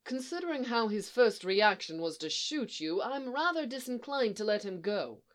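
A woman voicing a calm male Jedi master who speaks reasonably, with a dry, teasing edge. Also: fairly high pitch, normal speed, voice pushed up, lightly acted. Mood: dry, reasonable.

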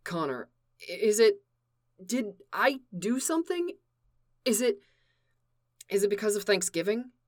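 A woman voicing an anxious teenage boy in a storybook reading, speaking softly with halting restarts. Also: mid-range voice, big pitch swings. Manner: hesitant, halting and soft.

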